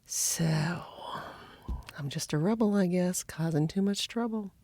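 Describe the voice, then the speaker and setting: A woman's voice: fairly low pitch, measured pace, dark tone, no echo. A woman hosting her own podcast in a chatty, friendly way, her voice froggy from just waking up. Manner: chatty and friendly, with little laughs. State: froggy morning voice. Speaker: podcast host. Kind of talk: casual podcast talk.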